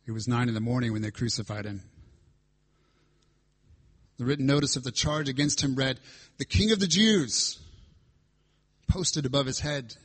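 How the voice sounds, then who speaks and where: Male preacher, husky voice, mid pitch, walks through scripture with dramatic weight. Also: flat delivery, a little fast, pauses often. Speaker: pastor. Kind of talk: sermon.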